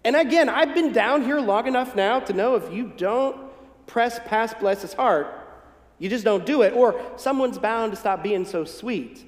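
A pastor from the northern United States delivers a folksy, gently humorous sermon in a conversational way. His voice sits fairly high for a man. The recording carries a roomy echo with a long reverb tail from a church sanctuary. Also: expressive, moderate pace. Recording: echoey hall with long reverb.

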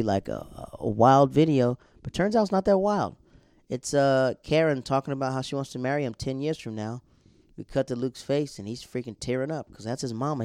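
Man, casual slangy recap, mellow dark voice, dry close sound. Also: medium pitch, no echo. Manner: slangy, laid-back storytelling. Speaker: TV episode recapper.

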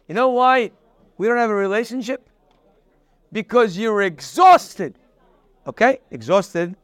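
A man gives a morning Torah class with a high, smooth, resonant voice. He is emphatic, repeats his key phrases and fires rhetorical questions. He slips into a storytelling manner for parables, recorded close and dry. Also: dry recording. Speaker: Torah teacher.

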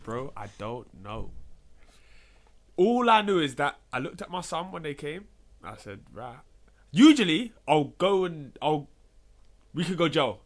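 A man's voice: a little high, sing-song, measured pace, pauses often. A man telling a story in a laid-back podcast chat, using plenty of slang.

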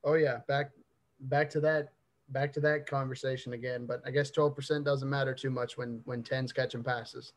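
A man's voice: mid-range voice, flat delivery, normal speed. A man co-hosting a sports podcast, chatting enthusiastically about football and laughing easily. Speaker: podcast co-host. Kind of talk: casual sports chat.

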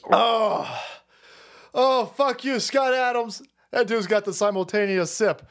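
Brief: foul-mouthed sarcastic male streamer, lively swinging pitch, laughs a lot. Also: drawn-out words, pauses often. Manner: profane, sarcastic, laughing often. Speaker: streamer host. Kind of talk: livestream commentary rant.

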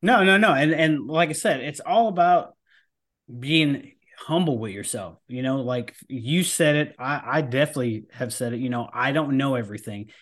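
A man's voice: mid-range voice, normal speed. A man hosting a podcast, himself a firefighter, speaking in an earnest, emphatic and casual way.

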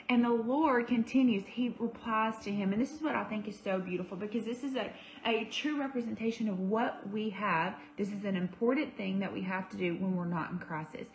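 A woman's voice: fairly high pitch, a little fast, slight background noise, poor audio. Young woman, devotional speaker, casual livestream teaching, filler words, self-corrections. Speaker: women's ministry speaker.

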